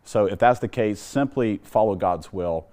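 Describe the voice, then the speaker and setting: A man's voice: on the low side, moderate pace, darkish tone. A man telling his personal faith testimony in an earnest storytelling way, exhorting listeners. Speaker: testimony speaker.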